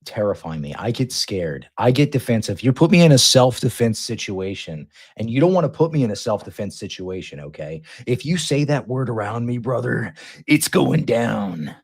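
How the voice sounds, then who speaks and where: A man co-hosts a casual livestream with a deadpan delivery. He makes jokes as mock-stern warnings, with no change in his even, plain tone. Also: medium pitch, moderate pace, vocal fry, breathy edge. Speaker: co-host.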